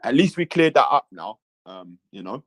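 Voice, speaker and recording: A man's voice: mid-range voice, big pitch swings, normal speed, a bit bright, a little hiss or hum, poor audio. Chatty man reading out stream chat. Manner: reads chat aloud, repeats himself, chuckles. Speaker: livestream host. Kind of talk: casual livestream chat.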